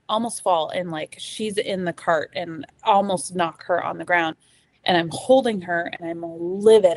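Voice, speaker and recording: A middle-aged woman appears as a podcast guest, telling her story casually and with animation, acting out the voices she quotes and using plenty of fillers. Her pitch is fairly low, with vocal fry.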